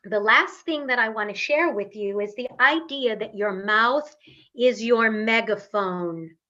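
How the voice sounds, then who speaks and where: A woman voice coach leading an online workshop, guiding listeners through breathing in a slow, calm, instructive way. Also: on the high side, muffled recording. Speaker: voice and speaking coach.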